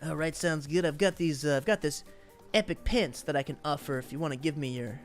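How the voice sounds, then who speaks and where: A man's voice: fairly high pitch, brisk, faint music behind, lightly acted. A man voicing a haggling New York gamer. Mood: bartering. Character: male player haggling over game gear.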